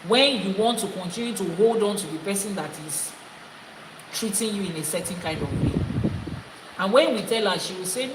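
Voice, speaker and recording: A woman's voice: medium pitch, animated, normal speed, roomy sound, big-room sound, background noise. A woman, a priestess giving a spiritual teaching talk, stressing her points by repeating phrases. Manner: emphatic, repeating phrases for effect.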